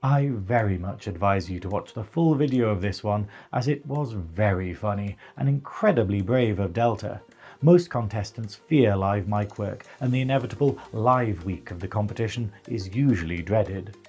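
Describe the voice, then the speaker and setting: A man's voice: lowish voice, normal speed, darkish tone, breathy edge. A man with a northern English accent giving a chatty, wry scripted recap of a drag competition. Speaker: show reviewer. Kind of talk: scripted narration.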